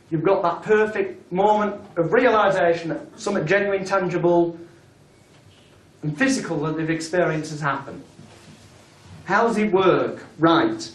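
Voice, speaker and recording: A man teaching a hypnosis workshop to a live class, talking casually and bluntly and swearing freely. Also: a little high. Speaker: hypnosis trainer. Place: training room with audience. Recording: echoey room recorded from a distance.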